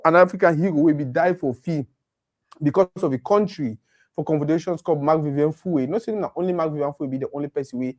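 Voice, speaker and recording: Nigerian male co-host, lively casual talk, mixes in Pidgin, a bit higher pitched. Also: fast talker. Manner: animated, mixes Pidgin with English. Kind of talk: casual football chat.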